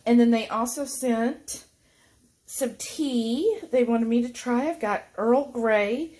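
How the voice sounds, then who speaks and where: A woman's voice: fairly high pitch, slow pace. A woman, chatting casually to her viewers in a food vlog at home. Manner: chatty, folksy, warmly addresses viewers as y'all. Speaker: keto food vlogger.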